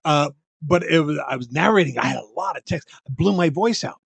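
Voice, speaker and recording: Older guy telling stories on a podcast, kinda husky, dry close sound, jumps into voices. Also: a little high, a little fast, no echo. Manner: animated, acts out voices in his stories; frequent restarts and stammers. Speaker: guest, bubble performer. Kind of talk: casual interview storytelling. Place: podcast room.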